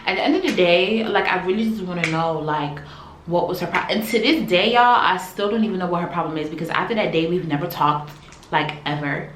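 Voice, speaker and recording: A woman vlogger telling a personal story in a casual, animated, slangy way that swings between loud and quiet. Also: lowish voice, fairly quick. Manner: animated, slangy retelling, shifts loudness. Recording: echoey room, faint background hum.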